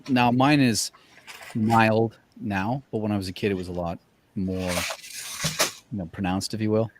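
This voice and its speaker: A man's voice: lowish voice, steady tone, moderate pace, background noise. A man chatting as a guest, speaking thoughtfully and often restarting his sentences. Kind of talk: casual chat.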